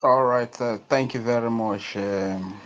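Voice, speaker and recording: A man hosting a live audio call, thanking the previous speaker in a slow, polite way. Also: mid-range voice, fairly bright tone, highs cut off.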